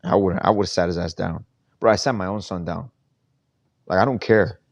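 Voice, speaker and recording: A man's voice: low-pitched, fairly even intonation, normal speed, creaky, no room sound. A middle-aged man co-hosting a casual sports talk show, blunt and slangy. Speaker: podcast co-host.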